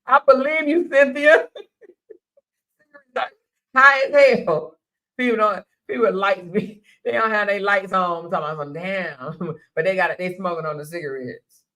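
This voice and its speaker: An older woman hosts a casual live-stream talk in a Southern manner, blunt and preachy as she speaks her mind and laughs often. Her voice is on the low side and fairly bright in tone, and she talks a little fast.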